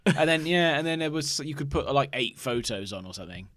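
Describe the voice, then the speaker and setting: A man's voice: mid-range voice, animated, fairly quick, a bit bright, dry recording. A man in his thirties, co-hosting a podcast in easygoing, dry-humoured chat. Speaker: podcast co-host. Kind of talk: casual chat.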